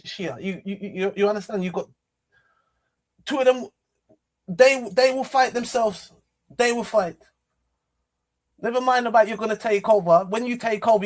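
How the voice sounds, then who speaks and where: A man hosting a livestream, talking casually and rambling with many restarts and repeated phrases. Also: high-pitched. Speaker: livestream host.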